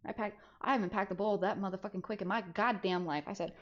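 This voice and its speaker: A young woman streamer casually telling a story, animated and swearing freely, acting out the voices of people she quotes. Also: mid-range voice, quick pace, hardly any pauses. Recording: slightly dull lo-fi audio.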